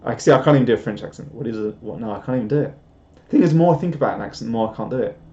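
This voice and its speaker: Rambling guy with a mellow voice. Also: medium pitch, very fast. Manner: rambling, self-deprecating, full of restarts. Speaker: live streamer reading viewer chat. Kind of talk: casual live-stream chat. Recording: dull lo-fi stream audio.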